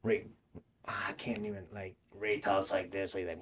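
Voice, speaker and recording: A man's voice: on the low side, steady tone, measured pace, a little mellow, a little hiss or hum. Rambling, laughing podcast co-host man. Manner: rambling storyteller, laughs mid-sentence. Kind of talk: casual chat.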